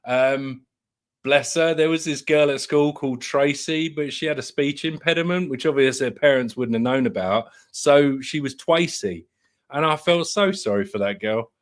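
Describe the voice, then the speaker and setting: A man hosts a casual football talk show. He rambles with many hesitations and laughs along with his co-host, his voice at an ordinary mid pitch. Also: moderate pace.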